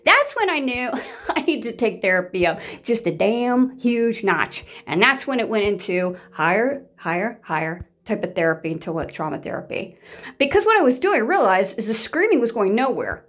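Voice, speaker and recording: A woman's voice: mid-range voice, breathy edge. A woman talking straight to her viewers in a casual monologue. She is blunt and emphatic, repeats herself for emphasis, and swears freely.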